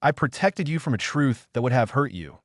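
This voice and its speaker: A man's voice: mid-range voice, animated, fairly quick, dry recording, clean studio sound, voice pushed up, natural voice. Man reading as a tearful, firm father. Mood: tender. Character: loving father who raised her, older man.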